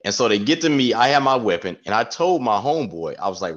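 A man telling an animated, profane army story with frequent laughs in casual podcast chat. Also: lowish voice, fast. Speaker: podcast co-host, former staff sergeant. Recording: dull lo-fi sound.

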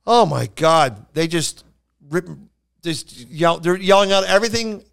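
A man's voice: fairly high pitch, expressive, measured pace, gravelly, a bit bright, clear, resonant tone. A man who is a comedian telling rambling anecdotes on a casual podcast, full of restarts and acted-out quotes. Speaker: stand-up comedian and podcast co-host. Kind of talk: casual storytelling chat.

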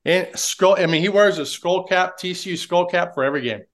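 Brief: male coach guest, slightly higher voice, rambling casual storyteller. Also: a little fast. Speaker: assistant head coach, guest. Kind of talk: casual podcast interview.

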